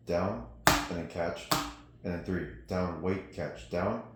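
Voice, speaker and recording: A percussion teacher with a very low voice gives a slow snare drum lesson, counting rhythms aloud between demonstrations. He's in an echoey practice studio with drums, and loud noise sounds behind him.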